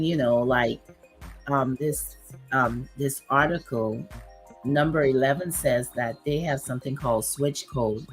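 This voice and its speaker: Deep-voiced lady chatting slow on a livestream, lots of ums, kinda hoarse, faint music under. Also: rough recording. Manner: unhurried, chatty, with many fillers. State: losing her voice. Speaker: YouTube livestream host. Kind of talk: casual livestream chat reading viewer comments.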